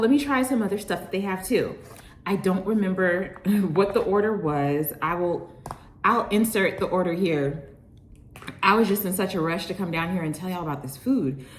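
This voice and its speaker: A young woman vlogging at home, gushing with excitement over takeout food and sometimes talking with her mouth full. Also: medium pitch, reverberant, slight background noise. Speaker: lifestyle vlogger. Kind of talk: casual food review to camera. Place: at home, indoors.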